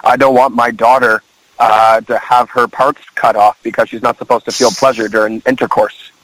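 A man in his twenties calling in to a talk show, speaking in a halting way with frequent stammers and restarts. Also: medium pitch, level tone, fairly bright tone, rough recording. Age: 20s. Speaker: guest caller. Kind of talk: casual call-in talk.

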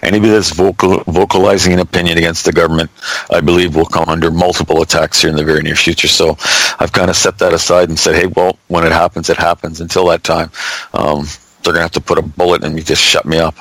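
Deep-voiced older man host. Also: little pitch movement, fast talker, fairly bright tone, dry recording, low-quality recording. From Canada. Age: 60s. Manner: folksy, blunt, calls the guest buddy. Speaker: talk show host. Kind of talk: casual call-in talk.

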